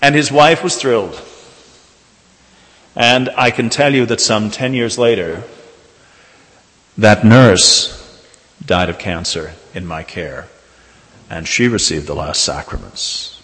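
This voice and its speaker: A man, a Catholic priest, preaching a sermon and telling a personal story in a measured way, slowing down for emphasis. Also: on the low side, fairly bright tone. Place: church. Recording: reverberant church hall.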